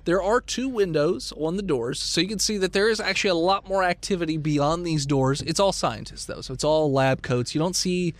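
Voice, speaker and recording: A man's voice: fairly high pitch, brisk, few pauses, no echo. A man running a tabletop game as game master, narrating scenes descriptively with playful asides.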